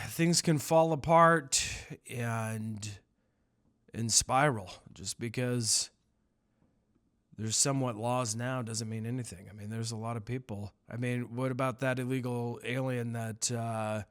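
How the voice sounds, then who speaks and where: A man hosts a solo podcast in a loose, rambling way, riffing crudely on headlines. He lurches from loud, excited bursts down to low mutters, with a middling pitch. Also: unhurried. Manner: rambling, crude, jokey, swings between loud outbursts and muttering. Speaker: podcast host. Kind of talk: casual solo podcast commentary.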